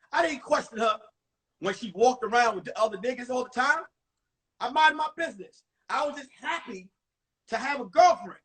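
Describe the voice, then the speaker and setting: A man's voice: very high-pitched, distant mic. A man, a comedian, telling stand-up stories on a live stream and acting out the people in them. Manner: animated, acts out the people in his stories. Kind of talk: stand-up storytelling. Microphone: phone.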